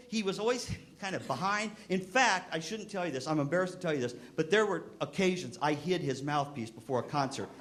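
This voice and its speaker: Animated middle-aged man telling stories on stage. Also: fairly high pitch, fast talker, a little hiss or hum. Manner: animated, acts out the voices in his stories. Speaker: keynote speaker to band directors. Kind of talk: storytelling speech to a live audience. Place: convention hall.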